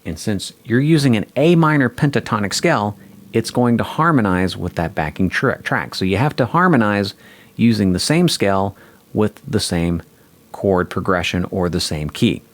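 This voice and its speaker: A man teaching a guitar lesson, calmly explaining and counting the beat aloud. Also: fairly low pitch, normal speed. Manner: calm explaining, counting beats aloud over a track. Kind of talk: instructional lesson.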